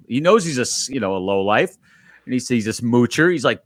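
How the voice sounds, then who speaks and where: A man's voice: medium pitch, lively intonation, brisk, no room sound. Blunt, wry man in dry close sound. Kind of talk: casual film discussion.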